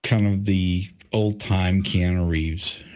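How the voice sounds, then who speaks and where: A man co-hosting a casual live stream, blunt and teasing, quick to argue a point. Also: deep voice, steady tone, a little mellow. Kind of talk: casual chat.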